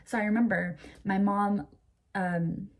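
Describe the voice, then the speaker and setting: A young woman talking casually to camera in a storytime vlog, full of fillers and "like", getting animated when she quotes people. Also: mid-range voice, measured pace. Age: young adult. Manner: chatty, lots of fillers and "like"; animated when quoting others. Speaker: vlogger.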